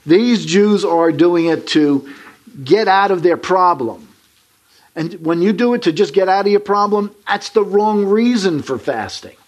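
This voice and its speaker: A man's voice: sits high, animated, unhurried. A man preaching a sermon. He reads scripture aloud and keeps calling the congregation "folks" as he presses his points. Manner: emphatic, rising to stress points and addressing the congregation as folks.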